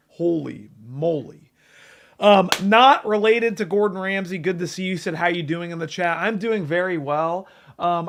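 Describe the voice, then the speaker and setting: Gravelly, excitable male streamer. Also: fairly high pitch. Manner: excitable, profane, reads chat names aloud. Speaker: livestream host. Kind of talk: casual livestream chat.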